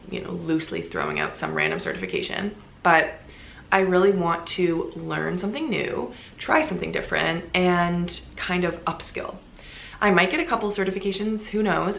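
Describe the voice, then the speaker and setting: A woman's voice: lowish voice, vocal fry, fairly bright tone, slight background noise. A young woman vlogger talking casually and earnestly to camera, full of "like"s. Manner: chatty, earnest, many filler "like"s. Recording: echoey room.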